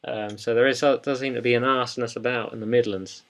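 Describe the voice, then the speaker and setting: A man's voice: mid-range voice, steady tone, quick pace. A young man co-hosting a wrestling podcast in casual chat, rambling and hesitant, with many ums. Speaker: podcast co-host.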